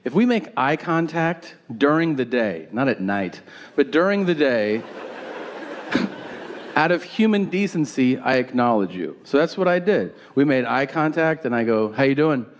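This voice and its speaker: A man's voice: medium pitch, a little slow. A man telling a stand-up comedy story on stage, acting out the people in it and sounding incredulous and exasperated. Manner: animated storytelling, mimics people in quoted lines. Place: comedy stage with live audience. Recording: live stage recording with audience noise.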